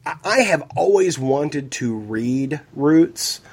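A man co-hosting a podcast in casual chat, a bit hoarse from a cold, rambling and wry. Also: on the high side, expressive, slow. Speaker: podcast co-host.

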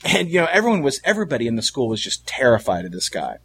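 A man chatting casually, telling a childhood story in an animated way and laughing often. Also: mid-range voice, very fast, a little hiss or hum. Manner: animated storyteller, acts out quoted voices with laughs.

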